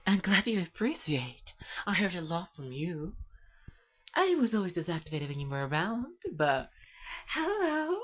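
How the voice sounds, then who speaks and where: A woman voicing a glamorous, sassy trans woman diva who gushes in excited slang. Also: fairly low pitch, husky, exaggerated voice.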